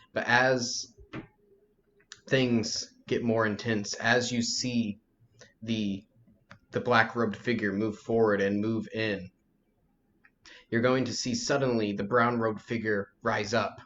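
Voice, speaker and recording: A man's voice: lowish voice, steady tone, fairly bright tone, a little hiss or hum. Man narrating as game master. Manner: slow, descriptive second-person narration. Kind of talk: narrating a tabletop role-playing game for kids. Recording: lo-fi with faint music.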